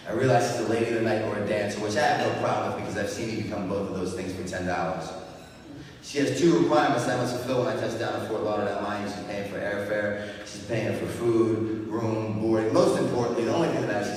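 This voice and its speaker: A man's voice: fairly low pitch, slight background noise. A man giving a keynote speech, telling his recovery story in a dramatic, emphatic way with repeated phrases and built-up lists. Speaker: keynote speaker. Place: large event hall. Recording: echoey hall, speaker far from the mic.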